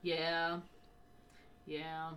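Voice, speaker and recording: A woman's voice: deep voice, completely flat delivery, very slow, a bit bright, a little hiss or hum. A young woman co-hosting a casual, unscripted podcast, chatty and rambling, laughing often and talking through the hiccups. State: has the hiccups. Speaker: podcast co-host.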